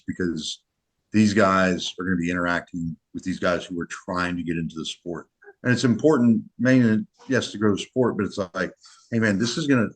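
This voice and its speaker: A middle-aged man, a match director, chatting casually on a podcast in an earnest, rambling way with many restarts. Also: low-pitched.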